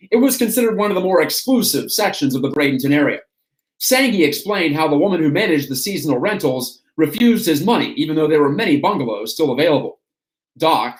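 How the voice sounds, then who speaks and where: A man reads a memoir aloud in a steady, storytelling way. His voice sits somewhat high, and the room gives it a noticeable echo. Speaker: host reading aloud. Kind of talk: reading an autobiography aloud. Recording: roomy echo.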